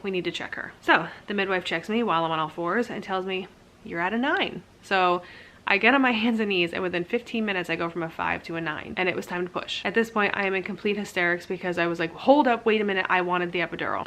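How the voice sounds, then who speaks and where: A young woman talks straight to camera, relating a personal story in a casual, candid way. Her voice sits a little low but sounds bright and forward. She peppers her speech with "like" and laughs at herself now and then. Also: fast. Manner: chatty, candid, frequent "like" fillers, laughs at herself. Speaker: vlogger telling her birth story.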